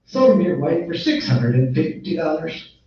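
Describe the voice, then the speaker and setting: A man runs a land auction in a big echoing hall, heard from a distance through a dull, muffled recording. His voice is a little strained, and he moves between plain folksy talk and a fast, rhythmic bid chant. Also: a little high, warm tone. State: strained voice from illness. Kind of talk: livestock-style auction chant and announcements.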